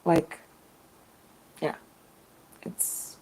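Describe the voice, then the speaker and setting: Woman, hoarse recovering voice, low and slow, halting casual live stream vlogger. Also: low-quality recording. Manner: soft and halting, many fillers. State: voice hoarse and deeper from losing it. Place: small studio apartment indoors.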